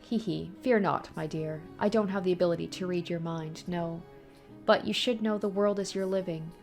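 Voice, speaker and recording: A woman reading aloud the lines of a mysterious female witch in a visual novel, calm and faintly mocking. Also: fairly low pitch, moderate pace, soft background music, natural voice. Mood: cool, mocking.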